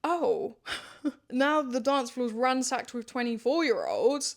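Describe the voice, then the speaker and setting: Woman, 30s, podcast host, chatty and candid, slightly high pitch, laughs a lot. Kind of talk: casual monologue to listeners.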